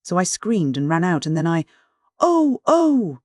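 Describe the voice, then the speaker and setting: An audiobook reader voicing a frightened, hysterical young housemaid in a high, tearful voice. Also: fairly quick, a little mellow, no echo, clean studio sound, close to an everyday voice. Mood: frightened, sobbing.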